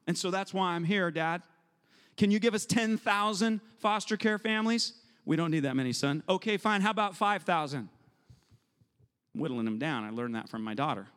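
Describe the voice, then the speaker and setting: High-voiced preacher in a reverberant hall. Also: male voice, normal speed, clear, resonant tone. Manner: animated preaching, acting out prayers and voices. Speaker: pastor. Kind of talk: sermon.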